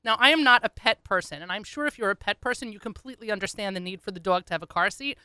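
Bright chatty woman telling a story. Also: medium pitch, fast talker, smooth, no echo. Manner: animated, chatty, laughing asides. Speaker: radio host and columnist. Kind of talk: comic storytelling.

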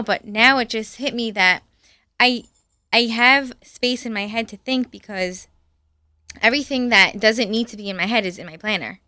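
A woman, a mother, chatting as a guest on a talk show in a relaxed, rambling way with many fillers. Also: on the high side, moderate pace, no room sound. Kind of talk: casual studio chat.

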